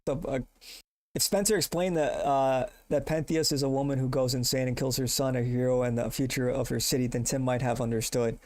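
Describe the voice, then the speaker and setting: A man's voice: mid-range voice, fairly even intonation, brisk, a little mellow, no echo. A male streamer chatting casually with his audience, laid-back and slangy, laughing often. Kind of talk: casual live-stream chat.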